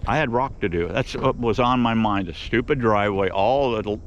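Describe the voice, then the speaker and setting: Man, lowish voice, folksy rambling, repeats himself, casual outdoor vlog host. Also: a little fast, lo-fi sound, slight background noise. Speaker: beekeeping channel host. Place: outdoors at his property.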